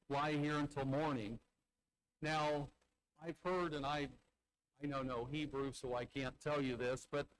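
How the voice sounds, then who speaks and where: A man's voice: on the high side, low-quality recording. A man, a church elder, preaching a sermon conversationally, asking the congregation rhetorical questions and acting out the characters' lines as he retells a Bible story. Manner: conversational, asks listeners rhetorical tag questions; acts out the characters' quoted lines in Bible stories.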